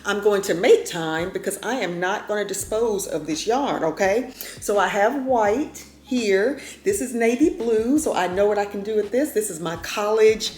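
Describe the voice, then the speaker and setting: A woman's voice: mid-range voice, normal speed, darkish tone. A woman in her fifties chatting to camera at home in a folksy way, often calling her viewers y'all. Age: 50s. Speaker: vlogger. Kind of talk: casual chat to camera. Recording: roomy echo.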